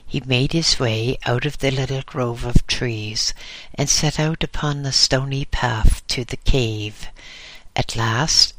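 A man reading an audiobook aloud in a slow, deliberate way. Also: mid-range voice, pushed and bright, dry recording. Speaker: audiobook reader. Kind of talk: audiobook narration.

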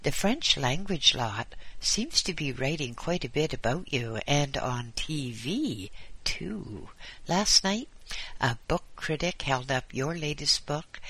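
A man voicing a rotund, fussy, excitable man who talks in a squeaky, agitated way. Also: slightly rough, dry recording, exaggerated voice.

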